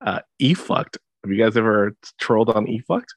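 A man's voice: lowish voice, expressive, normal speed, no echo. A man co-hosting a podcast, laid-back and swearing with enthusiasm. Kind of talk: casual chat.

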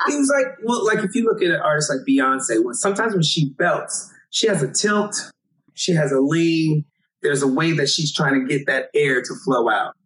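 A young man, a singer from Los Angeles, telling stories in an interview, animated and quick to laugh. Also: on the high side, distant mic, poor audio. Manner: animated, acts out quotes, laughs often. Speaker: singer, guest. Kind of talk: storytelling interview.

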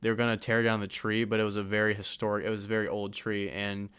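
Smooth low-voiced young man, laughing. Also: little pitch movement, fast, fairly bright tone. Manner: laughs often, curses freely. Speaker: podcast co-host. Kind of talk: casual chat.

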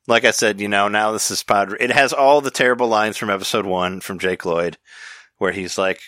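Speaking at a moderate pace in a lowish, slightly bright voice with a steady tone, this podcast host rambles through casual chat, frequently restarting and laughing readily. The studio recording is clean and dry.

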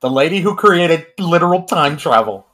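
A man co-hosting a podcast in casual chat, animated and joking, often slipping into quick impressions. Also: a little high. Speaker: podcast co-host.

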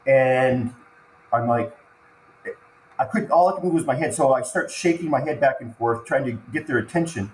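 A man, a podcast guest, telling an emotional personal story in halting speech, stumbling and repeating words when he gets moved. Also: medium pitch, a little hiss or hum. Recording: echoey room with faint ambience.

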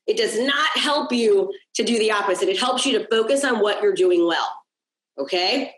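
A woman's voice: mid-range voice, animated, moderate pace, reverberant, rough recording. A woman coaching a group on a video call, upbeat and encouraging, repeating key points and checking in with "okay?". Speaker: business coach.

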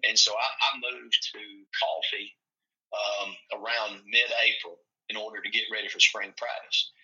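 A man, a coach from Tennessee, telling rambling country stories in a relaxed chat. His voice is bright and forceful, sitting a bit low. The recording is dull and lo-fi. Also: normal speed. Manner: folksy, rambling, acts out quoted voices. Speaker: football coach. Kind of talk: casual storytelling chat. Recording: muffled lo-fi recording.

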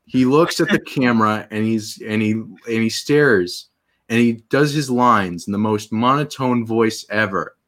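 A man guest in a casual chat, talking in a halting, rambling way. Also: fairly low pitch, a bit bright. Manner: rambling, halting, with many restarts.

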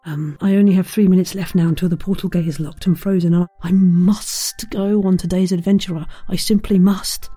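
A woman's voice: fairly low pitch, fairly even intonation, a little fast, hardly any pauses, warm tone, breathy edge, no echo, soft background music. A woman voicing a small, kindly male teddy bear who speaks politely and a little fussily. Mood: earnest.

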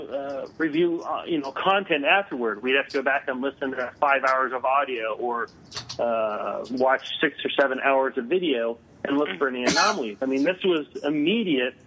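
A man, a guest on an interview, telling a story over the phone, halting with many filler sounds. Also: medium pitch, a bit bright, a little hiss or hum. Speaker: guest paranormal investigator. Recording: tinny phone line.

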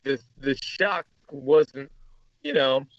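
A man's voice: medium pitch, slow pace, no echo. Rambling man on a muffled mic. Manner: rambling, many restarts and fillers. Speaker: podcast co-host. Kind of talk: casual chat about movies.

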